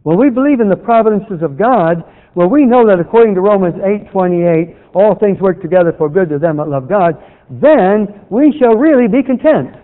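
High lively preacher guy, tinny phone-ish sound, long echo. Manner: quotes scripture in a slow measured cadence. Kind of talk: sermon.

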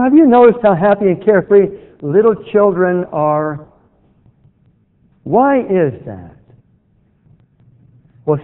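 High-voiced preacher man, lively delivery. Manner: quotes scripture in a slow measured cadence. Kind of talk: sermon. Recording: tinny phone-like sound with long reverb.

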